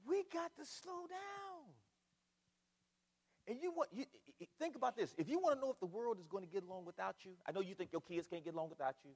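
An older male pastor preaches with a high, lively voice that swings widely as he builds through rhetorical questions and repeated phrases. His words ring out with a long reverb trailing through the church sanctuary. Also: very fast, few pauses. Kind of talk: sermon.

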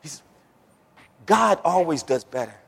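A man's voice: a little high, unhurried, vocal fry, breathy edge. Man preaching in a reverberant church. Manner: builds from quiet scripture reading to loud, excited preaching; folksy storytelling with repeated words. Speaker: pastor. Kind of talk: sermon.

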